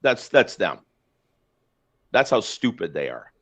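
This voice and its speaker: His lowish voice turns sing-song and husky as this Canadian podcast host rants slowly and bluntly about politics. The chat is casual, heavy with fillers and restarts, in slightly dull lo-fi sound.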